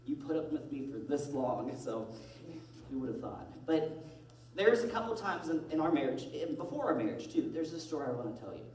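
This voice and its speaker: Animated young man telling funny stories. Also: brisk, slight background noise. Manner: animated, self-deprecating, jumps into high-pitched voices. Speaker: comedic monologue performer. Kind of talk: comedic storytelling monologue. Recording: echoey room from a distant mic.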